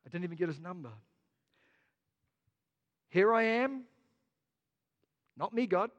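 New zealand man, pastor, high voice, storytelling sermon, long hall reverb. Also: slow, lo-fi sound. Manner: storytelling, jokey, lively.

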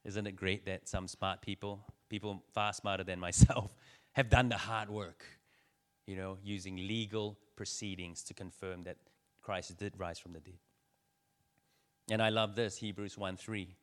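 A man preaching a conversational sermon, joking with his listeners and building in energy. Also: sits low. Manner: conversational preaching, teasing the audience, rising energy.

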